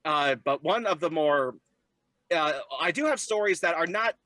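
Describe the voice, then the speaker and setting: An animated young man as an interview guest, spinning stories and leaping into high, squeaky voices whenever he quotes someone. His voice is bright and pushed, sitting a little high, and it comes through dry and close. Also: moderate pace, no echo. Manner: animated, jumps into high voices when quoting people. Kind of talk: storytelling in a casual interview.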